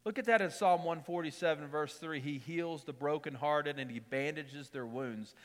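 A middle-aged man preaching a sermon in a conversational way, repeating key lines and telling quick personal stories. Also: on the high side, long reverb tail. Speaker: pastor.

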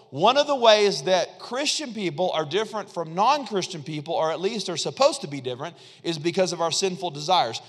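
A man's voice: high voice, expressive, normal speed, few pauses, a bit bright, big-room sound. A man pastor preaching a sermon in a church, conversational and repetitive, calling on the congregation to respond.

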